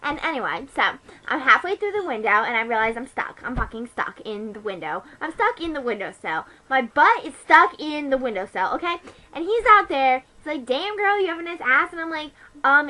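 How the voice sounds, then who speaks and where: Bratty teen gossip played by a teenage girl, high and bright, rambling and profane. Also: low-quality recording. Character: snarky ditzy teenage girl gossiping about a date. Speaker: comedy vlogger. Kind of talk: improvised comedy monologue.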